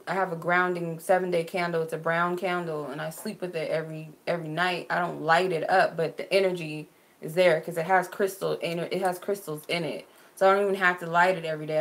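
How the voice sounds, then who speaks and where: With a lowish, fairly bright voice, this Arizona woman answers viewers' questions during a livestream as a spiritual reader. She's chatty, quick to laugh, and fills her speech with frequent "like"s.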